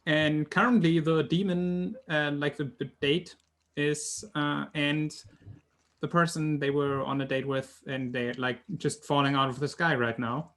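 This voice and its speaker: Halting, apologetic person. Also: medium pitch, fairly even intonation, a bit bright. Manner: halting, many fillers, apologetic. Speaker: game master of another game. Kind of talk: casual chat among players.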